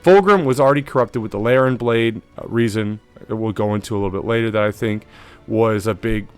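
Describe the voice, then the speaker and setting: A man's voice: lowish voice, brisk, clear, resonant tone, faint music behind. A man hosting a lore video in casual commentary, talking loosely with lots of fillers and tag questions.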